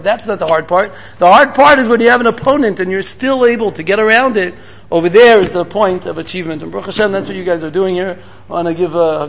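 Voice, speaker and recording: A guest speaker delivers a storytelling sermon in quick, repetitive runs, mixing in Hebrew terms. His voice is high with a gravelly fry, and faint room noise sits beneath it.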